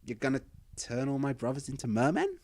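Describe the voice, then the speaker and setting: A man's voice: mid-range voice, huge pitch swings, brisk, a little mellow. A man voicing a whiny, insecure king who pouts and pleads in a raised voice. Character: whiny insecure male king, petty, pouting.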